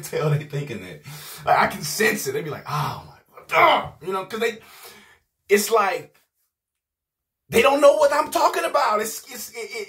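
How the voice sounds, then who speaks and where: A man preaching, rowdy and emphatic in an informal video sermon. His voice sits a little high for a man. He keeps coming back to "man" and to promises that he means it. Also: fairly bright tone.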